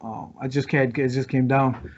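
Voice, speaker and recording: A man's voice: mid-range voice, little pitch movement, normal speed, slight background noise. A man, a former pro wrestler, telling wild stories as a podcast guest, swearing freely and laughing often. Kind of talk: casual chat, telling road stories. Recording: muffled lo-fi recording.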